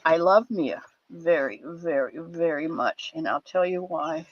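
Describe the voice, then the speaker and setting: An older woman hosting a livestream, chatting warmly and rambling with her viewers in a casual, affectionate way. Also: low voice, measured pace. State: a bit teary. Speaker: livestream host. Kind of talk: casual chat with live chat viewers. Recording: dull lo-fi dry sound.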